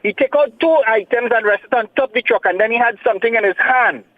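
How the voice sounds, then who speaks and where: A man's voice: extremely high pitch, fast. A man with a Trinidadian accent calling in to a talk show, telling his side of a dispute in an agitated, defensive way over the phone. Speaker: caller. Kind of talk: phone-in call. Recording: tinny phone line.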